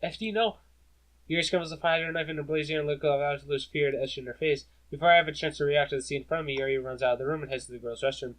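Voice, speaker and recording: A man casually narrating his way through a visual novel, adding quick asides of his own. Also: on the high side, steady tone, rough recording. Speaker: game reader. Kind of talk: let's play reading of a visual novel. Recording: guitar music playing underneath. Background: guitar music.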